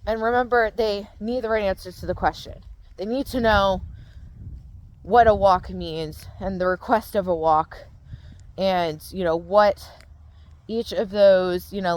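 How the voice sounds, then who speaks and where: A woman mindset coach talking casually to her viewers, explaining step by step and often checking in with "right?". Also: medium pitch. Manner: conversational, explaining with frequent "right?" check-ins. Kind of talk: casual talk to camera.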